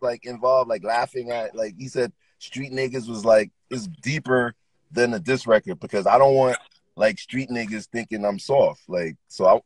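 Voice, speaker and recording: A middle-aged man, a guest on a talk show, telling a story in an animated, profane way with lots of quick restarts. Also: mid-range voice, slightly rough, dry recording, rough recording. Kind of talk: casual storytelling chat.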